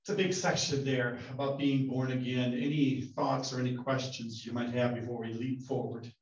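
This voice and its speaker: A man, a pastor, leading a relaxed Bible study, joking and asking the group questions as he teaches. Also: medium pitch, normal speed. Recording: roomy, distant, dull sound.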